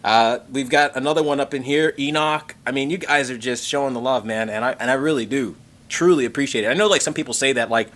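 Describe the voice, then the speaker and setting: A man hosting a tech livestream in casual chat, excitable and rambling, swearing casually and thanking members. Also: medium pitch, quick pace. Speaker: tech channel host reading member messages on a livestream.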